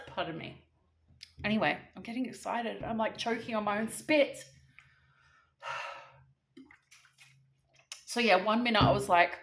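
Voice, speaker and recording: A woman telling a story vlog-style in a chatty, animated, casually swearing way. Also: medium pitch, a little slow, pauses often, reverberant. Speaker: vlogger.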